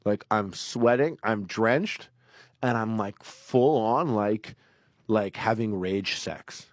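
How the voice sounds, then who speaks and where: A man's voice: lowish voice, slow pace, no echo, studio quality. A man casually telling a long personal story on a podcast, rambling with fillers and acting out quotes. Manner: rambling, animated, acts out quotes in raised voice. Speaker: podcast guest.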